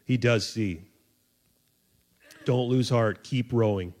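Animated, joking male preacher. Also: slow pace. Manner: animated, acts out voices of the disciples with sudden high squeaks; conversational, jokey, laughs at himself. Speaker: pastor. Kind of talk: sermon.

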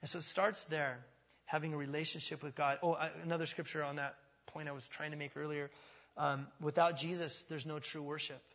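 A male pastor preaching a sermon in a church, emphatic and repetitive, swinging from quiet to loud. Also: on the high side, level tone, a little fast. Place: church sanctuary. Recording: long church reverb.

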